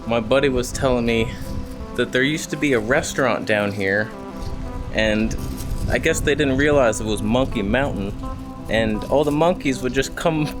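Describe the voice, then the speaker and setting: A man's voice: medium pitch, normal speed, music in the background. A man casually vlogging outdoors on a hillside, joking to himself and to the animals around him. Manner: jokey, talks to himself and the animals. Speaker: travel vlogger. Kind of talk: casual vlog narration.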